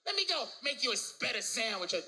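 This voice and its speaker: A woman performing a stand-up comedy bit in a bossy, nagging voice, often shouting. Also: a little high, big pitch swings, fast, low-quality recording. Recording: played clip with audible background noise.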